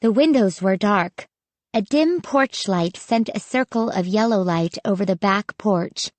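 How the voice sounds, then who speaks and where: A woman narrating a spooky children's audiobook in a measured, suspenseful reading. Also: medium pitch, dry recording. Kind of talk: scripted horror narration.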